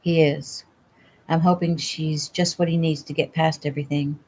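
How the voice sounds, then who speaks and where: A woman's voice: low-pitched, level tone, normal speed, darkish tone, breathy edge. A woman voicing a folksy, good-humored older father who teases in a storybook. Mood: teasing. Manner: folksy, teasing.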